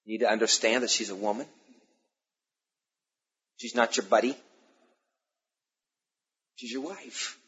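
A male pastor preaching a sermon, emphatic, repeating key phrases and pausing between them. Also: medium pitch, a bit bright, breathy edge. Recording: dull lo-fi sermon recording.

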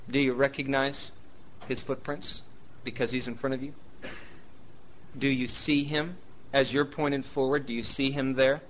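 A man preaching a sermon and reading scripture aloud, emphatic, swinging between loud declaiming and hushed asides, fighting a sore throat. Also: mid-range voice, muffled recording, a little hiss or hum. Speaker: pastor.

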